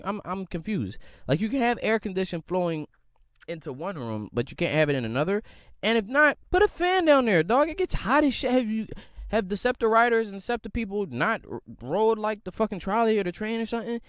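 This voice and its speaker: Young Philly-man, solo podcast host, swinging pitch, dry close sound, cursing and rambling. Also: no room sound. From Philadelphia area. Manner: loose, profane, rambling, rhetorical questions.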